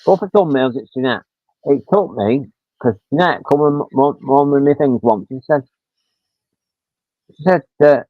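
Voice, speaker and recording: A man's voice: medium pitch, lively intonation, moderate pace, pauses often, dry recording. Rambling man in his fifties. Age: 50s. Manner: rambling storyteller, swears casually, acts out quotes. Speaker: livestream host. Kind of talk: casual chat. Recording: tinny, dry phone-like sound.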